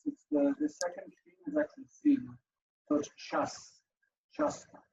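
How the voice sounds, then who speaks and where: A man teaching a class over a video call, lively and explaining step by step with many fillers, heard through dull, lo-fi call audio. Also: extremely high pitch, normal speed, creaky.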